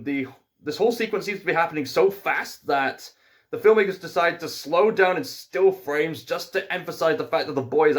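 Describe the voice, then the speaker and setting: Hesitant Scottish man reviewing a film. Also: a little high. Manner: hesitant, musing, many fillers. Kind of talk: casual video review.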